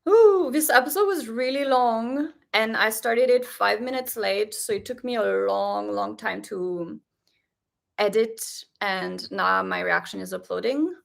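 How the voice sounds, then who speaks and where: A woman hosting a casual live stream, talking in an excitable, gushing way with lots of fillers. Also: medium pitch, measured pace, gravelly. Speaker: live stream host reacting to a series. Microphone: webcam setup.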